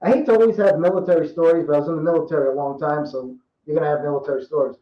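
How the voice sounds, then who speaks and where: A man's voice: fairly high pitch, steady tone, racing. A man in his fifties from Rhode Island, a podcast guest telling stories in a rambling, chatty way. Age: 50s. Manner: rambling, chatty, repeats and restarts. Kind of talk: casual storytelling. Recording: roomy, dull lo-fi sound.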